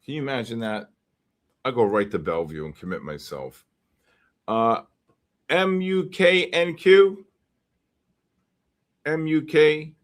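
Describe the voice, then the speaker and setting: A man hosting a live stream, calling out giveaway numbers and names in a casual, drawn-out way with quick asides. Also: medium pitch. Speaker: livestream host calling giveaway winners.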